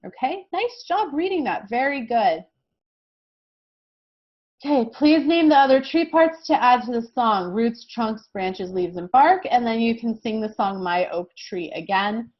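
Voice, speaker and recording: A woman leads a recorded kindergarten lesson in a high, gentle voice. She speaks slowly and encouragingly and keeps checking in with the children. The sound is a little dull and lo-fi. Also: animated. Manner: slow, encouraging, sing-song teacher talk with many "okay?" checks. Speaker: kindergarten teacher.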